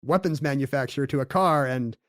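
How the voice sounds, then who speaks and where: A man co-hosting a podcast, telling a story in a jokey, lively chatty way. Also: medium pitch, a little fast, no echo, clean studio sound. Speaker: podcast co-host. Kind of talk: casual conversational podcast chat.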